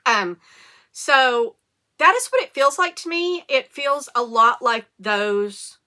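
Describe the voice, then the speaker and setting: Bright-voiced chatty woman. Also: sits high, takes it slowly. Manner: chatty, animated storytelling with rising excitement. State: occasional cough and hiccups. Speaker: knitting podcast host. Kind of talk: casual chat.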